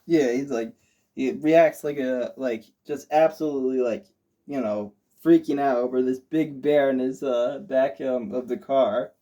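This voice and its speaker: A man's voice: medium pitch, a little slow, dark tone. A young man co-hosting a casual movie review, chatty and hesitant with fillers. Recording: dull lo-fi sound.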